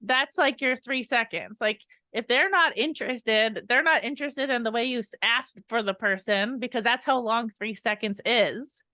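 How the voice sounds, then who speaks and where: A young adult woman co-hosting a sales podcast, upbeat and energetic, laughing often as she coaches. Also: on the high side, moderate pace, hardly any pauses, dry recording.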